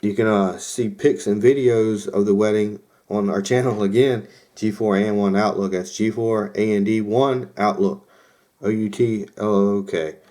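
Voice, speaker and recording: A man's voice: on the low side, fairly even intonation, moderate pace, warm tone. A young man hosting a podcast, casually telling a rambling story with lots of fillers and quoted asides. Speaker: podcast host.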